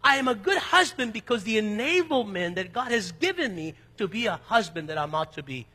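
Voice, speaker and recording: An emphatic male pastor from East Los Angeles preaches with a bright, forceful voice that has a husky edge. His sermon mixes loud peaks with conversational asides and personal stories. It echoes through the long reverb of a church sanctuary. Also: high voice, very animated, brisk. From East Los Angeles, United States. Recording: long reverb of a large hall.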